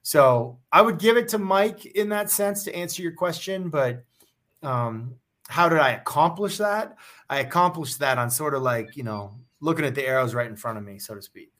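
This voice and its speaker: A man's voice: a little high, lively intonation, normal speed, a bit bright. A man who is a former quarterback, a guest on a talk show, telling stories in casual chat with a lot of "like" fillers. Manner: loose storytelling, heavy with "like" fillers.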